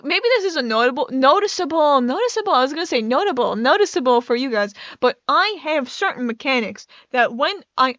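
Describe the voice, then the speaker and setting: A woman's voice: high-pitched, a bit bright, no echo. Young woman, native Dutch speaker, rambling gameplay chatter, stammered restarts, slightly dull recording. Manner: rambling, self-interrupting, frequent stammered restarts. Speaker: gaming YouTuber. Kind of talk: casual rambling commentary while playing.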